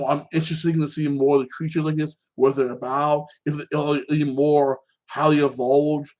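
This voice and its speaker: A man with a mid-range voice hosts his own show, chatting casually about TV shows and an upcoming fight. He's animated and excitable, rambling along and tagging "like that" onto his sentences.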